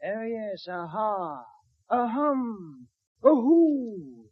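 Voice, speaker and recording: A pompous detective chief blusters through his deductions, as a man puts him on in a 1940s radio sketch. The voice sits high and swings widely, full of mock-British exclamations. The old broadcast sounds dull, with music behind. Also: very animated, extremely slow, husky, full character voice. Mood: puzzled. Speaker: comedian and show host.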